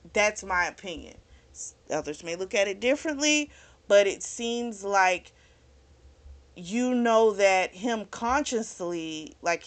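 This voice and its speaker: A woman hosting a book club video, giving a casual, blunt recap of a novel's plot and peppering it with swearing and "like.". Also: medium pitch. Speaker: book club vlog host.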